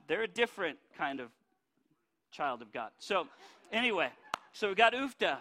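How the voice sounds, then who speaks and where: Folksy male preacher, high bright voice, lively sermon delivery. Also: moderate pace. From North Dakota. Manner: folksy, animated, with many restarts.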